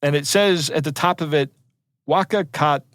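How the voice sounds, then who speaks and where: A man's voice: on the high side, normal speed, a bit bright, no room sound. A man co-hosting a podcast, chatting casually and digressing to explain technical details. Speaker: podcast co-host. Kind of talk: casual chat.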